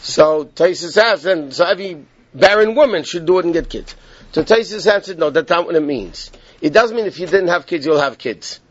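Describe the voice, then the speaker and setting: A man's voice: fairly high pitch, lively intonation, fairly quick, dry recording. Explanatory male Torah teacher, lo-fi. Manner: explanatory, repeats points and checks in with "okay?". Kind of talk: Torah class, explaining text to students. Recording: dull, lo-fi and dry.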